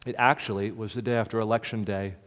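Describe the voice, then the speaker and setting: A man preaching a sermon as the pastor, moving between soft, hushed lines and loud, ringing proclamation. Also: on the low side, steady tone, fast talker. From United States. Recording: reverberant hall.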